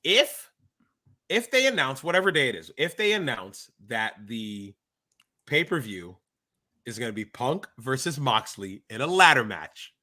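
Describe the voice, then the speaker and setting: A man's voice: mid-range voice, very animated, unhurried, pushed and bright. A man co-hosting a wrestling podcast, talking in a casual chat as a worked-up fan who rants with emphatic exasperation.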